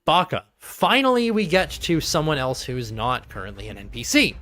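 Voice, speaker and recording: A game master running a tabletop game over a voice call, describing rooms slowly and deliberately. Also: mid-range voice, wildly swooping pitch, bright, forceful tone. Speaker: dungeon master.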